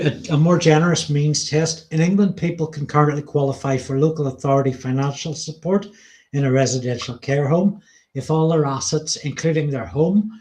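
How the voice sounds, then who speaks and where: A British man co-hosts a casual podcast, reading policy notes aloud between frequent ums and the odd swear word. His voice sits at an ordinary middle pitch. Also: darkish tone. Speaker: podcast co-host.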